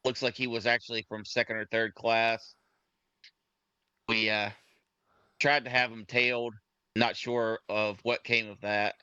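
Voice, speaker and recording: Halting man on a dull mic. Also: medium pitch, flat delivery, sharp tone, clear, resonant tone, dry recording. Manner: hesitant, halting. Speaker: player. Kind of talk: casual tabletop play.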